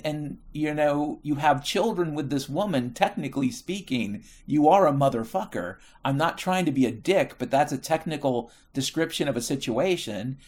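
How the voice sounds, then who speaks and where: Middle-aged man, American, casual monologue; swears freely, wanders, corrects himself mid-sentence. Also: fairly high pitch. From United States. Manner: profane, rambling, self-correcting.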